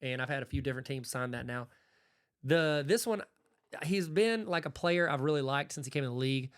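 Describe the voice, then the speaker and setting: A man's voice: medium pitch, fairly quick, clear, resonant tone. A man from Arkansas hosting a podcast, telling casual stories and acting out the exchanges he describes. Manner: animated, acts out quoted exchanges. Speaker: podcast host. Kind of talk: casual storytelling.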